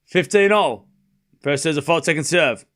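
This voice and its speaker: A man's voice: fairly high pitch, normal speed, a bit bright. A man casually commentating a live tennis match on a stream, joking and chatting with viewers. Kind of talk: casual watchalong play-by-play.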